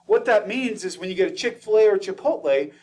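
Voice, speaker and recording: A man teaching a class, lively and peppering students with questions. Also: high voice, brisk, distant mic. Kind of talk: classroom lecture.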